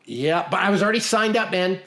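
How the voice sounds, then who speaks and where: A man's voice: high-pitched, animated, quick pace, bright, forceful tone. A middle-aged man from Canada co-hosting a podcast, talking bluntly and emphatically in casual motivational chat, often repeating himself. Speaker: podcast co-host.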